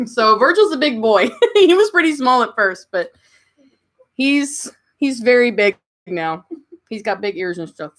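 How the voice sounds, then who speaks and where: A woman's voice: a little high, very animated, a little slow. A woman with a Kentucky Southern accent, chatting casually on a livestream and answering her chat. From Kentucky, USA. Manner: chatty, answers chat comments warmly, coos at her pets. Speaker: livestream host.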